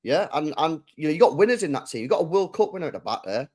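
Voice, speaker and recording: Quick, lively, husky-voiced man. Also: fairly high pitch. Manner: encouraging, repeats himself. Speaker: podcast panelist. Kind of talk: casual chat.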